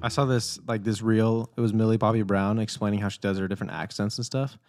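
A young man co-hosting a podcast in casual chat, jokey, tossing in quick interjections. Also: lowish voice, fairly even intonation, over music. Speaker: podcast co-host.

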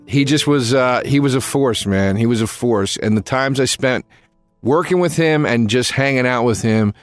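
A man giving a spoken tribute to a late friend, halting and full of fillers, livelier when he tells a story. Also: medium pitch, faint music behind.

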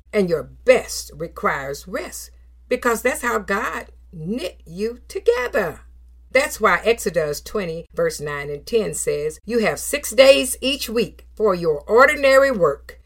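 Animated woman preacher delivering a sermon. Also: medium pitch. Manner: emphatic, animated, with numbered points and scripture quotes; affirming hums and soft laughs between phrases.

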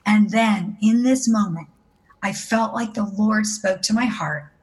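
A woman's voice: medium pitch, unhurried. Earnest middle-aged woman telling her story. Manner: earnest storytelling, acts out quoted voices. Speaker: guest. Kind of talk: personal testimony interview.

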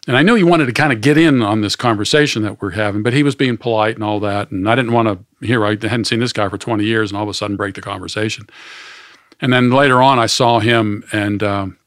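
A man's voice: on the low side, fast, a bit bright, no room sound, studio quality. Older man telling rambling stories. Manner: rambling storyteller, many restarts. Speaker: guest. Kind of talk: casual conversation. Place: studio.

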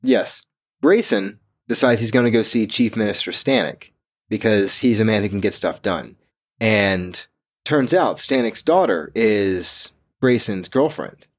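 A man's voice: lowish voice, lively intonation, a little slow. A man co-hosting a podcast, retelling a book's plot in loose, casual chat packed with "you know" fillers. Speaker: podcast co-host. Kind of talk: casual book-club chat.

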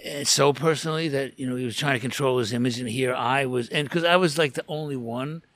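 A man's voice: mid-range voice, a little fast, a bit bright. A man, a photographer, telling a long anecdote in casual conversation, full of restarts and asides. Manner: rambling storyteller with frequent restarts and asides. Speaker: guest photographer.

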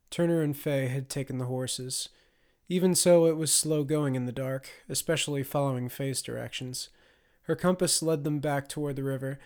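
A man narrating a fantasy audiobook in a measured, dramatic storytelling manner. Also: medium pitch, fairly even intonation, a little mellow. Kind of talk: scripted narration.

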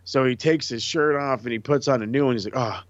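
Swearing, animated guy co-hosting a chat show, dull lo-fi mic. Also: mid-range voice, quick pace, dry recording. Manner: animated, profane, acts out quotes. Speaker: podcast co-host. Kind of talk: casual wrestling chat.

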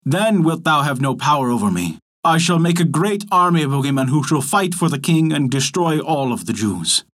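A man's voice: a little high, big pitch swings, normal speed, fairly bright tone. A man voicing a surly, menacing monster made of wood and springs, in a storybook reading.

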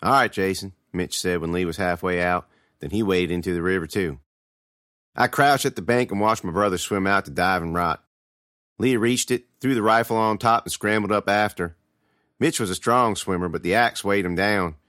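A man's voice: low-pitched, normal speed, fairly bright tone, no echo, clean studio sound. A man giving a dramatic first-person reading of a scripted horror tale. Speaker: storyteller.

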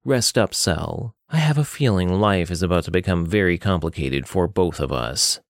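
A man voicing a composed older brother who delivers grave news in a slow drawl. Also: low voice, lively intonation, no room sound, clean studio sound.

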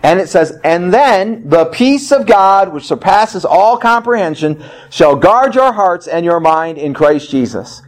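A man preaching a sermon as pastor, swinging from loud emphatic cries to low quiet asides. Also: expressive, measured pace.

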